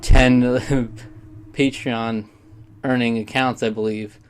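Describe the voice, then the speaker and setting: A man's voice: medium pitch, little pitch movement, slow, a little hiss or hum. A young man with a mid-range voice talks straight to camera in a loose, rambling vlog. He drifts off track, restarts his thoughts and speaks with open, sincere feeling. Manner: rambling, sidetracked, heartfelt. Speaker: YouTuber. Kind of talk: casual vlog monologue.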